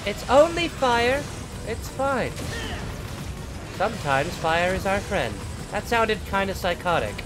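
A man's voice: high voice, big pitch swings, slow, heavily acted. A man playing a symmetry-obsessed young male reaper, giving short-tempered gameplay commentary and swearing at the game. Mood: agitated, yelling. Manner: easily agitated, swears and yells at the game. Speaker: gamer playing in character. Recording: game music playing behind the voice.

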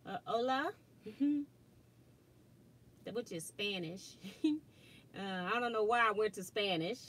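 A woman's voice: mid-range voice, slow, a bit bright, a little hiss or hum, rough recording. A middle-aged woman hosting a casual quilting livestream, chatty and laughing often as she reads viewer comments aloud. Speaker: quilting channel host.

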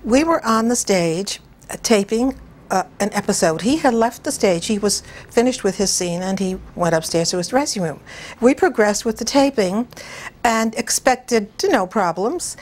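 An older woman, a television director, reminiscing in an interview with unhurried, anecdotal storytelling and frequent chuckles. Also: a little high, lively intonation.

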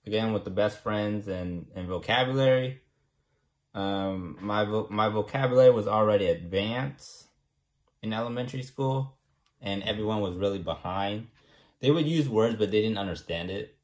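Talking at normal speed in a lowish voice, a young California man addresses the camera casually as a vlogger. He rambles with confidence and keeps punctuating his points with "right?".

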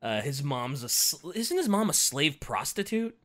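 Young male co-host, casual book chat, lively pitch and bright tone, acts out quotes. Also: moderate pace. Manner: animated, acts out characters' lines with big pitch jumps. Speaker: podcast co-host.

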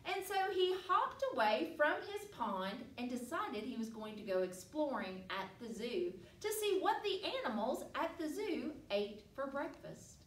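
A woman's voice: a little high, expressive, a little slow, hardly any pauses, fairly bright tone. A woman hosting a library story time, reading aloud to children with playful animal sounds. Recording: echoey room, mic far off.

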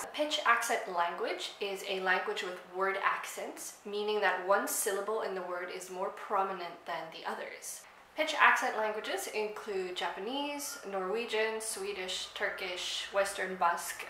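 A young woman from South Africa, Afrikaans her first language, talks casually to camera about languages and fills her speech with ums and likes. Her voice is bright and clear. The room is echoey, with a faint hum of ambience behind her. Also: mid-range voice, moderate pace. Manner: chatty, with frequent ums and likes. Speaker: language vlogger. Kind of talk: casual explanatory talk to camera.

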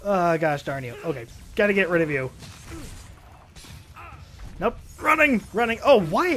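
Excitable man with a lively voice. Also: sits high, measured pace, pauses often. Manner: excitable, exclaiming and laughing often. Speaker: gaming video host. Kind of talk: let's play commentary.

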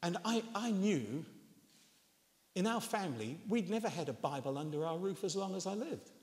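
A man's voice: sits high, animated, moderate pace, a little mellow. A man in his sixties from England, preaching a sermon as a chuckling, self-mocking storyteller. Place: church hall. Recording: long reverb of a church hall.

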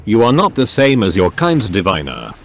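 A man's voice: on the low side, huge pitch swings, normal speed, gravelly, soft background music, heavily acted. A synthetic male voice voicing a proud, bitter old alien elder who speaks with haughty scorn. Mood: scornful. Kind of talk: synthetic storybook narration.

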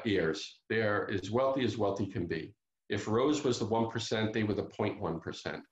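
A man's voice: fairly low pitch, reverberant, lo-fi sound. A man giving an author talk, telling a true crime story with many fillers and restarts over a video call. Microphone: computer mic on a video call.

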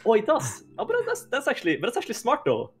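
A man's voice: very high-pitched, quick pace, over a noisy crowd. A man streaming a video game with a friend, chatting casually, laughing often and restarting his sentences. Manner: laughing, excitable, frequent restarts. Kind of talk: casual gaming chat.

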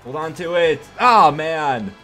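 A young man giving excited, hyped commentary over his own hockey video game, yelling at big plays and joking with crude words. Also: fairly high pitch, slow pace. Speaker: gaming YouTuber. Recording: faint music behind.

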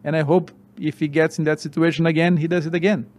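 Man, 40s, animated storyteller, halting English, slightly higher voice. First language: Portuguese. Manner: animated, halting non-native English with restarts. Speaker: former racing driver, guest. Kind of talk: interview storytelling.

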